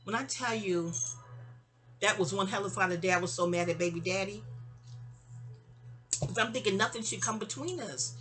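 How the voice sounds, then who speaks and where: A woman, telling a personal story in an animated, digressive, sassy way. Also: mid-range voice, normal speed, long pauses. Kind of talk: casual storytime monologue.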